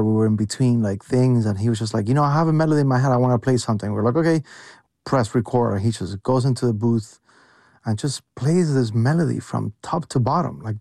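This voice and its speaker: A man's voice: mid-range voice, warm tone, dry recording. A young man calling in to a radio interview, casual and enthusiastic, saying "like" a lot. His mid-range voice is dry and close. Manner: casual, heavy use of "like", enthusiastic. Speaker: interview guest, producer. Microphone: phone call-in.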